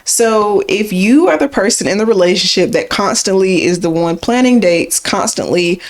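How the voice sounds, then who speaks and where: A woman co-hosting a casual podcast, with a voice sitting in an ordinary middle register. She walks through her points in a relaxed, explaining way, leaning on "like" and "so" as she goes. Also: mid-range voice, normal speed. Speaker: podcast co-host. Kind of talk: casual conversational podcast chat.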